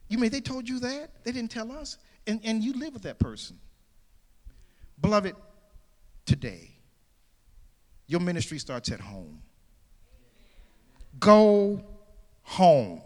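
A man preaching a sermon, swinging between loud shouted calls and quieter storytelling. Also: sits high, in a large hall. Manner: shouting and soaring, then dropping to a hushed storytelling tone.

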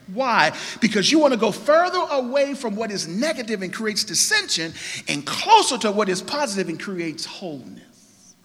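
A man preaching a sermon as pastor, emphatic, swinging between quiet and loud. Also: sits high, big-room sound.

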